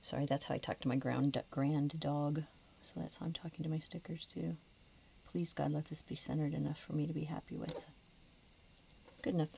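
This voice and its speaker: A planner vlogger with a deep, gravelly voice talks at normal speed in a steady tone during a casual plan-with-me session. She often drops into a whisper as she decorates, and her voice is starting to tire and give out. The lo-fi recording sounds dull, with faint noise.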